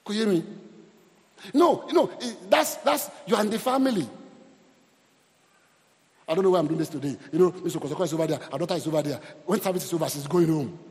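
A male pastor preaching an animated sermon and calling out for responses from the congregation. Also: fairly high pitch, fast talker, pauses often, in a large hall.

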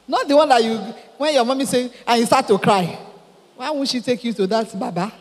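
A woman's voice: sits high, brisk, in a large hall. A Nigerian woman preaching a sermon, exhorting her listeners and acting out stories in quoted voices. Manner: exhorting, animated storytelling with quoted dialogue.

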